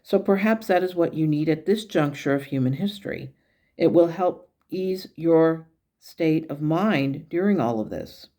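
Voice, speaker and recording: A woman voicing the wise, gently humorous words of a male angel guide in her own measured, teaching tone. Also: sits low, expressive. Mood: gently instructive.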